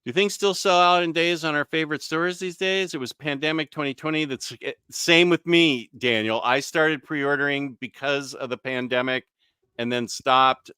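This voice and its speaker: A bright, clear-voiced man hosts a live stream, chatting casually and reading viewer comments. His voice is a little high with a steady tone at normal speed, recorded with clean studio sound and no room sound. He's easygoing and chatty, with frequent fillers and mild self-corrections.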